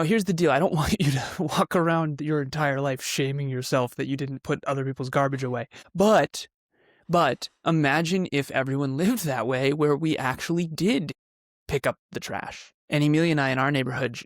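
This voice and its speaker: A man's voice: a little high, moderate pace, no room sound, studio quality. A man speaking as a guest on a podcast, emphatic and intense, pressing his points with rising force and the odd laugh. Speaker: podcast guest, company CEO. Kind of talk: passionate podcast conversation.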